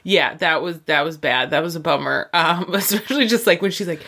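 A woman's voice: deep voice, brisk, hardly any pauses, bright, forceful tone. Wry, blunt woman podcast co-host. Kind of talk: casual chat about a book.

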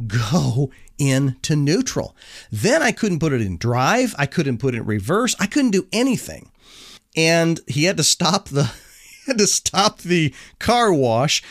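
A middle-aged man telling a casual personal anecdote in an animated, self-deprecating way, chuckling as he goes. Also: fairly high pitch, dry recording, clean studio sound. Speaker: storyteller.

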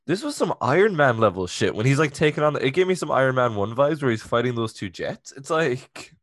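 A man's voice: mid-range voice, fairly quick, no echo. Guy cohosting a podcast, hyped and jokey, dry close mic, says like a lot. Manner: excitable and jokey, with many "like" fillers. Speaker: podcast co-host. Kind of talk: casual chat reviewing a TV episode.

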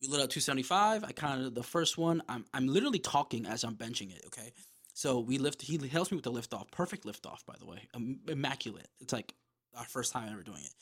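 A man hosting his own podcast, casually telling a story in a loose, profane, animated way with lots of asides. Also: mid-range voice, quick pace. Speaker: podcast host.

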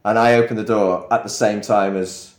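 A man's voice: on the low side, fairly even intonation, moderate pace, roomy sound. A young man telling a story on a podcast, rambling and laughing as he goes. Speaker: podcast co-host. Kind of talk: casual storytelling chat.

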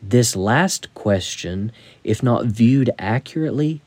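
A man reading aloud from his own devotional book in a measured, deliberate way. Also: mid-range voice, animated, darkish tone, no echo.

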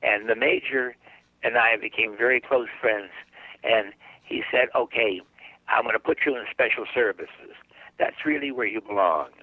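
Over a dry, phone-like narrow line, an older guest psychic in a radio interview recounts a long anecdote, acting out the dialogue as he goes. His chatty voice is mid-range and runs at normal speed.

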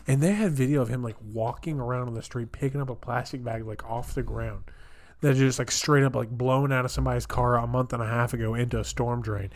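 A young man co-hosting a podcast, telling animated stories in casual chat, full of fillers and acted-out quotes. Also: mid-range voice, brisk. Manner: animated storyteller, many "like" fillers, acts out quotes. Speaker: podcast co-host.

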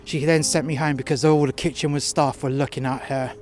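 A man with a fairly high, darkish voice and a steady tone tells a profane, angry first-person story about something that happened at work. Standing outside in freezing, sub-zero cold, he's blunt and swears heavily, slowing as he tires.

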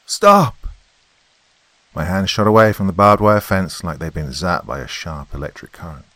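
A man's voice: low voice, brisk, fairly bright tone, no room sound. A man narrating a first-person horror story with a tense, dramatic reading.

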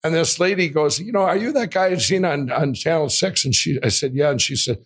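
A man with a slightly raised pitch tells a long personal story as an interview guest. He talks in an animated way, stumbles into restarts and acts out the voices of the people he quotes. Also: a little fast, slightly rough.

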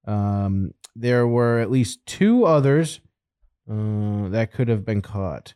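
A man's voice: on the low side, animated, slow, dark tone, clear, resonant tone. A man hosting a casual chat, swearing and joking in an offhand way while reading out news. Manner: profane, laughing, offhand banter. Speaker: host.

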